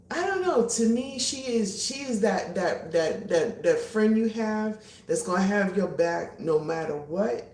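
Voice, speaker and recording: A woman's voice: on the low side, warm tone, reverberant, distant mic. A woman hosting a casual livestream from her kitchen, chatting animatedly and greeting her viewers. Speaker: livestream host. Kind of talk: casual chat. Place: home kitchen.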